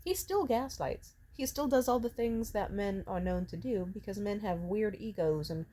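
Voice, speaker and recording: Young woman vlogger, raw and profane, rambles through an emotional vent at an ordinary pitch. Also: lively intonation, normal speed, mellow, slight background noise. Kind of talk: ranting personal vent.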